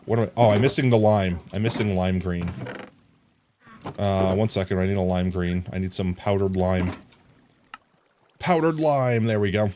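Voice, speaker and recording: Man streamer, deep-ish voice, chatty, playful asides, faint background hiss. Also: normal speed, long pauses, warm tone. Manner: chatty, talks to chat, sings silly sound effects. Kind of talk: casual live game commentary.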